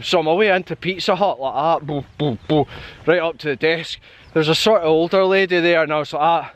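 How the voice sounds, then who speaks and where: A man's voice: fairly high pitch, fairly quick. A young Scottish man chatting and telling stories while hiking outdoors, laughing often. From Scotland. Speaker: hiking vlogger. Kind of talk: casual chat while hiking. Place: outdoors on a hill trail.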